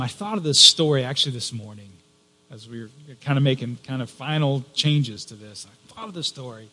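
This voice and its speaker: A man's voice: mid-range voice, fairly bright tone. Man preaching in a reverberant hall. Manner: conversational, halting with fillers and restarts. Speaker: pastor. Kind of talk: sermon storytelling. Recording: long reverb of a large hall.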